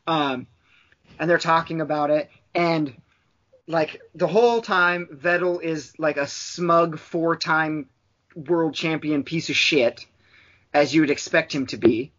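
A man's voice: a little high, fairly even intonation, slow pace, fairly bright tone. A man chatting casually on a podcast, rambling from point to point and cursing freely. He fills his talk with "like" and restarts. The sound is a bit dull and lo-fi. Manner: rambling, profane, with frequent fillers. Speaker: podcast co-host. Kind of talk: casual chat.

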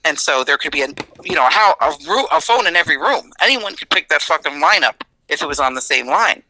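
Bright, blunt woman with a dry sound. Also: low voice, lively intonation, fast talker, dry recording, low-quality recording. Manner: blunt, sarcastic and swearing freely. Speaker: podcast guest. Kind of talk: casual chat.

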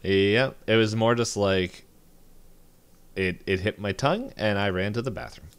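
A man's voice: fairly low pitch, expressive, a little slow, clear, resonant tone. A man co-hosting a podcast, telling a childhood story in rambling casual chat with lots of fillers. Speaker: podcast co-host.

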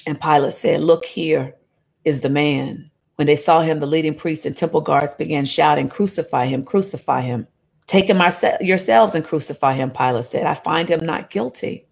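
Low gravelly woman preaching. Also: normal speed. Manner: animated, conversational asides. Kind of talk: sermon reading scripture aloud.

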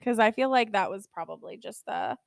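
A woman's voice: on the high side, brisk, gravelly, no room sound, clean studio sound. A young woman co-hosting a podcast in casual chat, frank and reactive, swearing casually. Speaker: podcast co-host.

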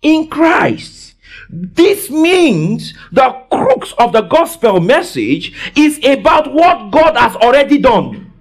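A man preaching a sermon in a church service. He quizzes the congregation call-and-response style and often bursts into shouts. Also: extremely high pitch, sing-song, takes it slowly.

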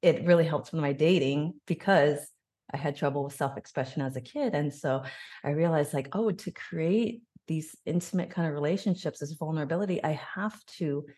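A woman's voice: low voice, moderate pace, warm tone. A woman in her thirties telling a personal story openly and reflectively in an interview. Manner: open, reflective, emotional storytelling. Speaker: podcast guest.

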